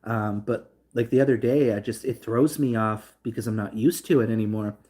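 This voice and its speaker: A man's voice: lowish voice, normal speed, warm tone. A young man talking loosely to his live stream audience, rambling with lots of fillers and reading chat aloud. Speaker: livestream host.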